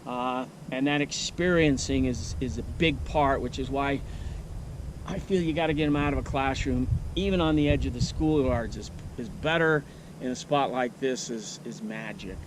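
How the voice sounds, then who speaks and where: A male nature educator giving an unhurried outdoor teaching demonstration, thinking aloud with many fillers. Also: medium pitch, noisy background. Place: outdoors at a wildlife refuge.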